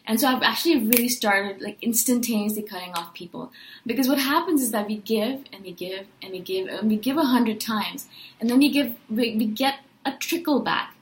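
A woman's voice: fairly high pitch, normal speed, roomy sound, a little hiss or hum, rough recording. A woman talking casually and earnestly in a monologue, venting her feelings and asking rhetorical questions. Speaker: personality-type video host.

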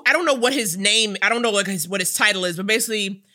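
Playful woman podcaster, very bright. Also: mid-range voice, fast talker. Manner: expressive, playful, lots of fillers. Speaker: podcast co-host. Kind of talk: casual chat.

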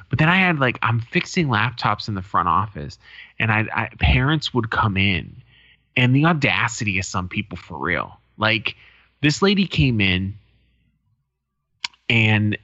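A man's voice: lowish voice, pushed and bright, no room sound. A man in his thirties co-hosting a casual podcast, telling stories with a lot of swearing and acting out the people in them. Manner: profane storytelling, acts out quoted people. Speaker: podcast co-host. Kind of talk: casual chat. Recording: dull lo-fi sound.

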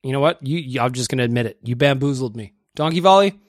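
A man's voice: mid-range voice, animated, brisk, dry recording, studio quality. A man hosting a casual podcast, chatty and self-deprecating as he plays listener voicemails. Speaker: podcast host.

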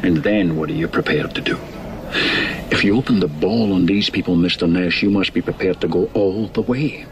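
An actor playing a gruff veteran male cop in a blunt, hard-edged way, with an Irish accent that comes out Scottish. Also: low-pitched, moderate pace, background noise, close to an everyday voice. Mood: grim. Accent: Scottish-tinged Irish. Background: film score.

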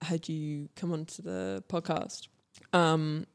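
A young woman hosts a relaxed podcast chat. She rambles, restarts her sentences and laughs at herself. Her tone is easygoing and self-deprecating. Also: deep voice, takes it slowly. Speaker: podcast host.

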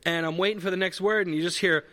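A man's voice: high voice, fairly even intonation, fast, bright, forceful tone, long reverb tail. A man telling a long, rambling comedic story in casual chat, correcting himself mid-sentence and swearing freely.

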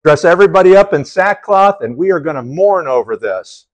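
Male Bible teacher, fairly high voice, lively sermon storyteller who acts out the quotes. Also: fairly quick, low-quality recording. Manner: animated storytelling, voicing the prophet and God in quotes.

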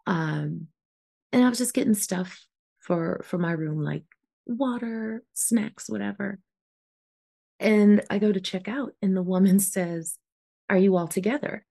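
A woman's voice: mid-range voice, slow pace, vocal fry, warm tone. A woman co-hosting a casual spiritual podcast chat, talking in an earnest, rambling way with lots of fillers. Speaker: podcast co-host.

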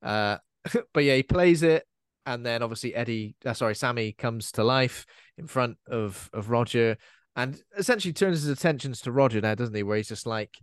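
Talking casually about a movie on a podcast he co-hosts, this man rambles from one point to the next and frequently slips into silly voices to quote characters. His medium-pitched voice is clear and resonant, at a normal speed. The recording is dry and studio quality.

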